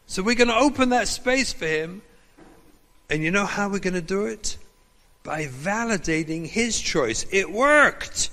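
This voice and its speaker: Rabbi guy teaching, bright voice, swings his pitch around a lot, acts out the conversations, big echoey hall. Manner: animated, acts out dialogue from his stories. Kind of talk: lecture with storytelling.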